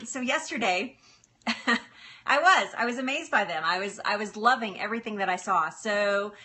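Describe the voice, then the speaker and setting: A woman's voice: mid-range voice, moderate pace, bright, forceful tone. A woman hosting a casual cooking livestream in a home kitchen, chatty and laughing often as she talks to viewers by name.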